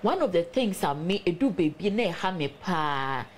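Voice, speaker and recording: A woman with a Ghanaian accent hosting a faith talk show, reading viewer comments aloud in an emphatic, unhurried way. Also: lowish voice, very animated, slight background noise.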